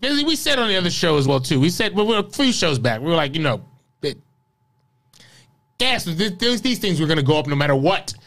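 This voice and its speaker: A man co-hosting a podcast who chimes in with quick agreeing interjections during casual political chat. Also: fairly high pitch, very animated, a bit bright. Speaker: podcast co-host.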